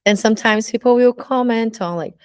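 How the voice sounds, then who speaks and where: A woman's voice: fairly high pitch, fairly quick, a little mellow, smooth, dry recording, studio quality. A woman with a Brazilian accent, a burlesque teacher speaking candidly in a casual personal monologue, full of "you know, like" fillers.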